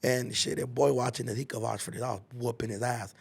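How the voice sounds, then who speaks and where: Brief: young Los Angeles man, podcast host, profane casual storytelling, middle pitch. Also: fairly even intonation, fast, vocal fry, slightly rough. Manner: slangy, profane, with spoken sound effects.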